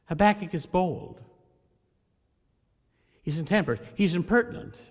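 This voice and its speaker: A male pastor delivers a sermon with earnest emphasis, speaking to his congregation directly. His voice sits somewhat high for a man. It rings with a long reverb through the church sanctuary. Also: lively intonation, moderate pace, long pauses.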